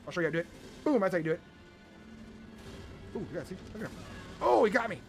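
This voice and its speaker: A man giving playful, excited commentary while playing a video game with his son, exclaiming often. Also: high-pitched, quick pace, gravelly, soft background music. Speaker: gaming video host.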